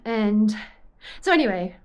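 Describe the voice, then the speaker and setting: A young woman with an Australian accent talks casually to her camera, chatty and a little scattered. She drifts off topic and pulls herself back, at an everyday medium pitch. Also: animated, a little slow, smooth. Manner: chatty, rambling, easily sidetracked. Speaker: vlogger and triathlete.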